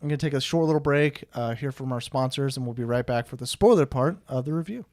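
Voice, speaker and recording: A man's voice: mid-range voice, quick pace, hardly any pauses, a little mellow, no room sound, studio quality. A man hosting a movie podcast, talking casually with plenty of fillers. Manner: chatty, frequent fillers. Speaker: podcast host. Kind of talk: casual chat. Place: studio.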